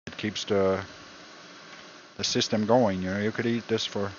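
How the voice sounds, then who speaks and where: A man's voice: fairly low pitch, flat delivery, normal speed. A man cooking on a casual stream, rambling and joking and repeating himself as he works. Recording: dull lo-fi sound with background noise.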